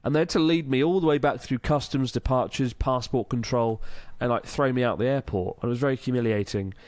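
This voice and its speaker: A man hosts a podcast in a loose, joking way, with swearing and laughter running through his stories. His voice sits at an ordinary middle pitch for a man. The sound is close and dry, with no room around it. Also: brisk, darkish tone, no echo. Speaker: podcast host. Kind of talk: casual chat, reading listener letters.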